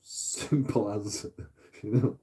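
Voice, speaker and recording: A man's voice: lowish voice, steady tone, drawn-out words, mellow. A man with an English accent, a streamer ranting casually to viewers, rambling and swearing, laughing at his own story. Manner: rambling, profane, laughs at himself.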